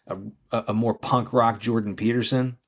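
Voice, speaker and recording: A man's voice: medium pitch, level tone, moderate pace, husky. A man chatting casually as a podcast guest, laid-back and agreeable. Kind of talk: casual chat.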